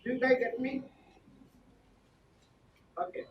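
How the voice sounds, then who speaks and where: A woman's voice: sits high, level tone, slow, highs cut off. A woman giving a classroom lecture, repeating her points and quizzing the class. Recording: echoey room, far from the mic, noisy.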